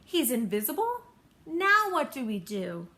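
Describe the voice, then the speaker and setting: A woman voicing a big, gentle, timid bird who is childlike and easily frightened, high and wide-eyed. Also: very animated, a little slow, heavily acted. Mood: worried.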